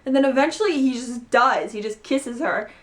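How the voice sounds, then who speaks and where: High-voiced gushing young woman vlogger. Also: normal speed. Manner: gushing, excitable, full of "like" fillers. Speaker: book vlogger. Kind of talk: casual book review vlog.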